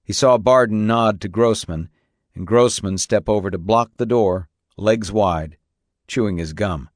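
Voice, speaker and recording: A man narrating a novel in a steady, even storytelling manner. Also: fairly low pitch, unhurried, dry recording, clean studio sound. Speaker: audiobook narrator. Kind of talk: scripted narration.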